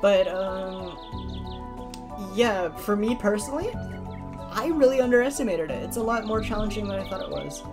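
A woman's voice: mid-range voice, expressive, moderate pace. A woman giving casual gameplay commentary, rambling and leaning on lots of filler words. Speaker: gameplay video creator. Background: game music.

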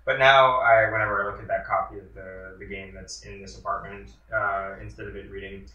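A man hosts a laid-back chat while they play a video game, joking and trailing off with fillers. His voice sits low but sounds bright. It is recorded from some distance, with room echo around it. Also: level tone, fairly quick, lo-fi sound. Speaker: host. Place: indoors at home in an apartment.

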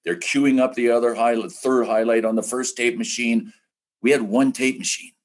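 An older man, a retired broadcaster, telling animated stories as a podcast guest and acting out other people's lines. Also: mid-range voice, normal speed. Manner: animated, acts out quoted voices. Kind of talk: casual podcast storytelling.

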